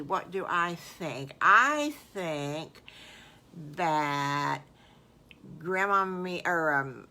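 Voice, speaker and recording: A woman's voice: on the low side, pushed and bright, exaggerated voice. An older woman voicing a thoughtful little boy piglet who thinks aloud hesitantly.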